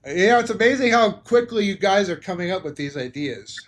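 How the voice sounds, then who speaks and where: Man, fairly high voice, casual live-stream host, jokey and chatty. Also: expressive, fairly quick. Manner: chatty, jokey, thinks out loud. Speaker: trading livestream host.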